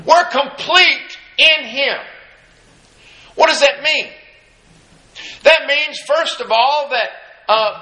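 A man's voice: very high voice, sharp tone, roomy sound, poor audio. A man preaching a sermon, impassioned and repetitive, with emphatic refrains and many restarts.

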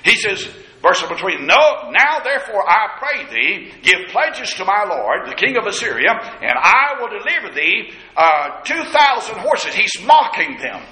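A man's voice: high voice, sing-song, a little slow, bright, forceful tone. A man preaching a sermon, dramatically acting out the scripture quotes. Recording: echoey church room.

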